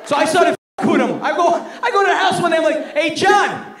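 A male stand-up comedian performing a mocking, animated set in a comedy club. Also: very high voice, quick pace, crowd noise. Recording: echoey live club with audience noise.

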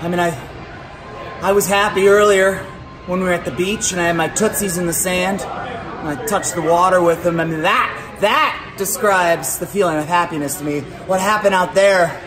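A man's voice: high-pitched, fairly even intonation, moderate pace, crowd noise. A man in his thirties, a wrestler vlogging on tour, chatting casually with mock-dramatic, theatrical complaining. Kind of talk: casual vlog chat.

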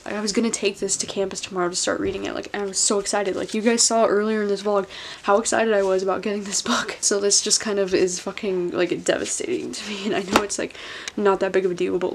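A woman's voice: medium pitch, steady tone, fast, creaky, background noise. Stressed young woman vlogging casually. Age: young adult. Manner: filler-heavy, swears often. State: stressed and upset. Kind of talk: casual vlog talk.

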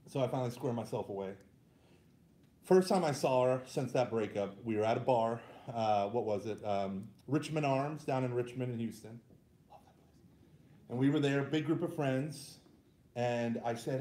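Guy telling jokey stories about himself, lively up and down voice, warm tone, echoey room. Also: mid-range voice, moderate pace. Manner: self-deprecating, animated, laughs at own stories. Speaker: youth minister speaker. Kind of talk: humorous personal storytelling talk.

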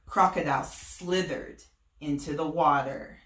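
A woman teacher reading a picture book aloud to her students, gentle and encouraging. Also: very deep voice, steady tone, a little slow. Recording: roomy, voice from a distance.

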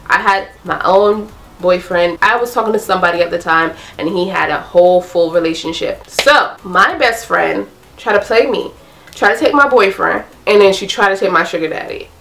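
A young woman from Queens, New York, telling a storytime in a casual, animated way, acting out quoted lines and swearing freely. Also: medium pitch, slight background noise. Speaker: vlogger.

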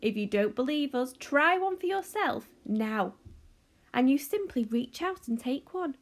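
Woman reading aloud as an eccentric male chocolate maker, excitable and commanding, with a gravelly edge. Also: sits high, a little slow, heavily acted. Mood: boastful. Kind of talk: storybook read-aloud.

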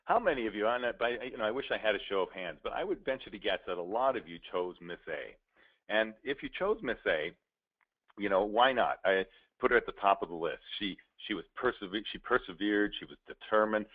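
A man's voice: lowish voice, animated, fairly quick. A man, a professional speaker, giving a playful, interactive storytelling presentation and addressing his audience directly. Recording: tinny narrow-band recording.

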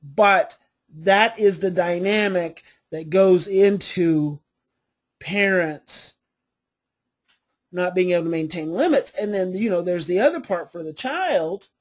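Husky-voiced woman coaching parents. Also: on the low side, takes it slowly. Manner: storytelling with family anecdotes, emphatic repetition. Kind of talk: coaching class talk.

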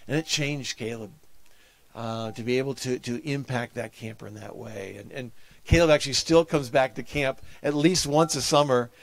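Man preaching, earnest and heartfelt, telling a story from the pulpit, mid pitch voice, dry recording. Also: moderate pace, creaky, dry recording. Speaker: pastor. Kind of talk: sermon with a personal story.

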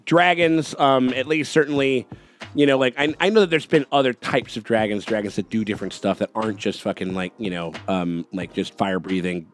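Dude hosting a reaction vid from home, rambly, swears a lot, lots of restarts. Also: male voice, lowish voice, fairly quick, a little hiss or hum. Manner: upbeat greeting. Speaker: host of a reaction show. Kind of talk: casual reaction chat. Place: home setup.

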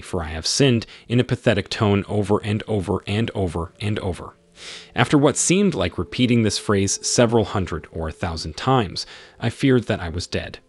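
A man, host of his channel, narrating a first-person story in an expressive reading style. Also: lowish voice, breathy edge, dry recording.

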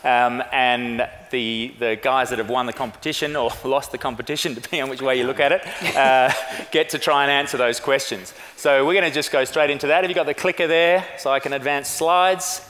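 Man, quiz presenter, relaxed, chatty, reverberant hall, faint noise. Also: medium pitch, fairly quick, few pauses. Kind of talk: stage presentation. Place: large conference hall.

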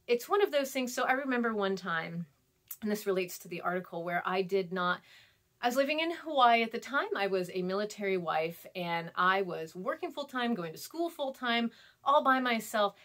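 A chatty woman in her thirties talks through a class reading in a loose, rambling way. She fills her talk with ums, laughs and little acted-out quotes. Her voice sits at a middle pitch. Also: animated, moderate pace, a bit bright. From California, US. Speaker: instructor. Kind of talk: recorded lecture.

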